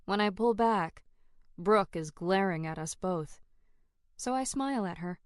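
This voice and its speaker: A woman narrating a first-person fantasy audiobook in an expressive, dramatic way. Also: mid-range voice, dry recording, studio quality.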